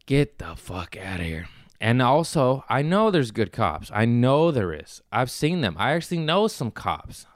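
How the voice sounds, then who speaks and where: A man's voice: medium pitch, big pitch swings, unhurried, no room sound, studio quality. A man in his thirties telling a rambling, profane story in a casual chat, laughing often and restarting his sentences. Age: 30s. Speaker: podcast host. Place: Los Angeles.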